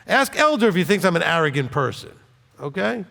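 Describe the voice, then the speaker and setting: A man who is a rabbi gives an informal scripture sermon in a high, sing-song voice that's a little fast, creaky, pushed, and bright. He talks bluntly and conversationally, joking along the way and often asking "okay?" His voice rings out with a long reverb tail.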